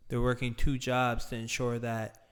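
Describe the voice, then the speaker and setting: A man speaks straight to his audience in an earnest, deliberate monologue with a smooth, resonant voice. His pitch stays fairly flat, and he leans on key words by slowing and stretching them. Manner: deliberate, emphatic, with drawn-out stressed words. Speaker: speaker addressing viewers. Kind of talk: earnest direct-address monologue.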